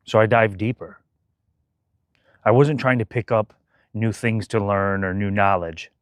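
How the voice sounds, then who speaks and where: A man calmly narrating his spiritual journey in a slow, measured, even cadence. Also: fairly low pitch, no room sound. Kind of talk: calm reflective narration.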